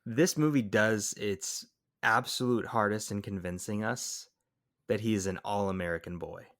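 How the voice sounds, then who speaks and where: A man co-hosting a film podcast, talking in animated casual chat and breaking into quick impressions. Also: lowish voice, dry recording, clean studio sound. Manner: animated, excitable, jumps into impressions. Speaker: podcast co-host. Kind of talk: casual movie-review chat.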